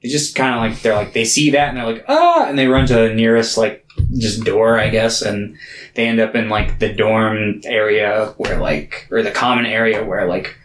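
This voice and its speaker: A man's voice: lowish voice, level tone, moderate pace, a bit bright, echoey room, slight background noise, rough recording. A man co-hosting a podcast, recapping a movie in a rambling, laid-back chat. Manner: rambling, laid-back, lots of filler words. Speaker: podcast co-host.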